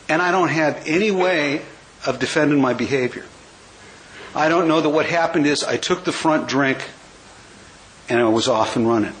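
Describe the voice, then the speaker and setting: A man's voice: on the high side, a bit bright, rough recording. A man in his sixties from California, giving a wry, joke-filled recovery talk as a speaker at a large gathering. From California, USA. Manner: wry storyteller, quick jokes. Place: convention hall.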